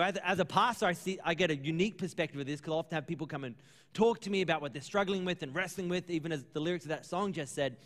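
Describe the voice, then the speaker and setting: A man's voice: high voice, a bit bright, in a large hall. A man preaching a sermon as pastor, earnest and conversational, acting out little exchanges with churchgoers. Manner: conversational, earnest, acts out dialogue.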